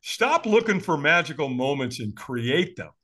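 A man's voice: on the high side, very animated, moderate pace, bright, forceful tone. A man in his late sixties telling stories in an interview, acting out quoted voices and laughing often. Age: 60s. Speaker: guest. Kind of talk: animated storytelling interview.

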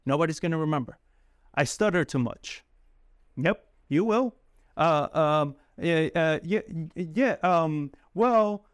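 A man coaching cold callers in a casual, talkative way who laughs often and acts out calls in a soft apologetic voice. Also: on the high side, smooth, dry recording, studio quality. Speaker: sales coach. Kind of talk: coaching talk to camera.

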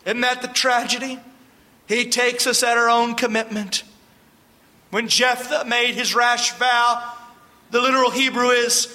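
High bright guy preaching, reads scripture then riffs on it, big echoey hall. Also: flat delivery, measured pace. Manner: preaches with wide swings from loud declaring to low hushed warning; reads scripture aloud, then breaks off to comment. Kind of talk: sermon. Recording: long reverb from a hall.

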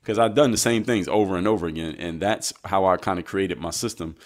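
Deep-voiced man telling his story. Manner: measured, reflective storyteller. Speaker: guest, basketball coach. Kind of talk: conversational interview storytelling.

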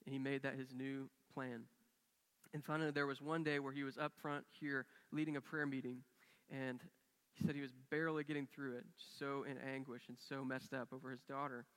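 A man's voice: mid-range voice, flat delivery, a little fast, fairly bright tone, clean tone. Earnest man preaching in a reverberant church hall. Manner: earnest, acts out quoted dialogue with rising and falling intensity. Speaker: pastor. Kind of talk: sermon storytelling. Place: church sanctuary.

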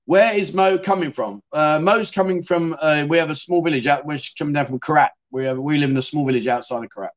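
Man, livestream host, casual chat, slightly high-pitched, friendly storyteller. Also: fast, hardly any pauses. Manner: chatty storyteller, friendly to viewers. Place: home in Thailand.

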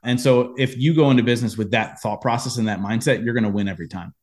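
A man in a podcast interview, telling a personal business story with lively acted-out quotes. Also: medium pitch, fast talker. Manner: animated storyteller, acts out quoted lines. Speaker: podcast guest, entrepreneur.

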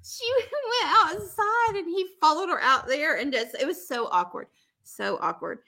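A woman co-hosting a casual chat, animated and often laughing as she talks. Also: extremely high pitch, measured pace. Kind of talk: casual chat recapping reality TV.

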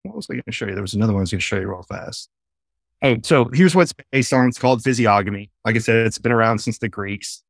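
A man speaking as a podcast guest from his home office over a video call, explaining things in an animated way and telling stories eagerly. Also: lowish voice, quick pace, gravelly, no echo, studio quality. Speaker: podcast guest, face-reading trainer. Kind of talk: casual interview chat.

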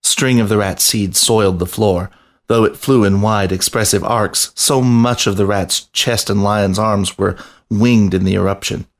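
A man reading a story aloud on a podcast, narrating in a steady, even voice. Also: fairly low pitch, measured pace.

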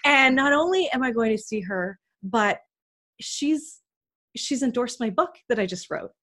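A woman's voice: fairly high pitch, expressive, unhurried, a bit bright. A woman from Canada hosting a podcast interview, talking in an earnest, heartfelt way about a personal story. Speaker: podcast host. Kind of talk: emotional conversational interview.

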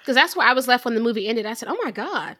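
Young adult woman, fairly high voice, podcast co-host, casual film chat, teasing, laughs easily. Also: racing, sharp tone.

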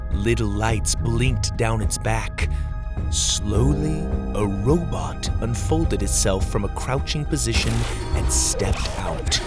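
A man tells a children's story in a gentle, unhurried manner, his mid-range voice carrying a gravelly texture. Faint music plays behind the narration. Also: lowish voice.

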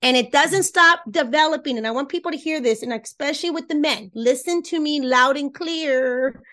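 A woman whose first language is Spanish, a relationship coach explaining ideas in an interview, lively and emphatic, repeating points and laughing often. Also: high voice, moderate pace. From Cuba. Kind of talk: animated explanatory interview talk.

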